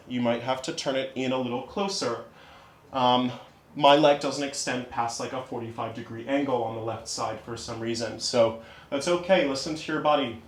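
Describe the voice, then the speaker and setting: Calm man guiding a yoga flow. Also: medium pitch, roomy sound. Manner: calm, encouraging step-by-step cues. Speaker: yoga instructor. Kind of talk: guided yoga class.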